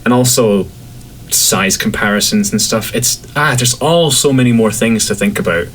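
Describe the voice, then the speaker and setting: A man from Scotland with a light Scottish accent, chatting casually as a podcast guest in a relaxed, rambling way. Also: moderate pace, a little hiss or hum, rough recording. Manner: relaxed, rambling, acts out quotes in a higher voice.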